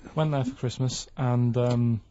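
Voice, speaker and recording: A man with a Mancunian accent chatting on a radio show, telling stories flatly with lots of hesitant ums. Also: mid-range voice, moderate pace, slight background noise. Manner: flat, hesitant storytelling with many ums. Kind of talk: casual radio chat. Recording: dull lo-fi radio recording.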